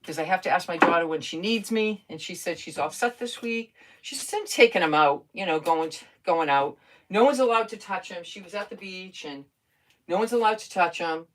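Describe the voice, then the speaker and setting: A woman's voice: lowish voice, expressive, normal speed, slight background noise. An older woman chatting casually while crafting on a live stream, talking to herself and answering viewer comments.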